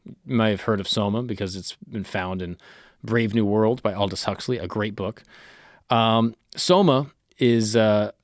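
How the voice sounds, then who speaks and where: A man's voice: on the low side, dry recording, studio quality. A man hosting a comedic history podcast, reading facts and breaking off into irreverent joking asides. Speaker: podcast host.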